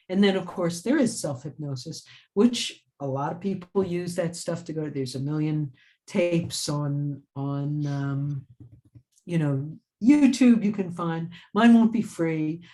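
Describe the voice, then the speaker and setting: Woman, author, interview guest, energetic, rambling storyteller, frequent laughter, casual chat. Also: low-pitched. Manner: laughs often and restarts phrases. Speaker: author and writing teacher.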